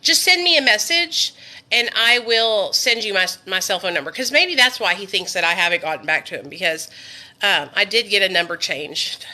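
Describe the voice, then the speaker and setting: A woman in her 30s, casually livestreaming from her living room on a phone, speaks candidly to viewers and swears freely. Her mid-range voice is expressive, bright, and forceful at a normal speed.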